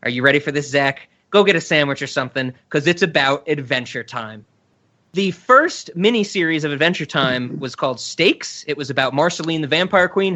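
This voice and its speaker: A man's voice: on the high side, pushed and bright. A man hosting a casual podcast, enthusiastically retelling a cartoon scene in a rambling way. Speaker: podcast host. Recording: dull lo-fi sound.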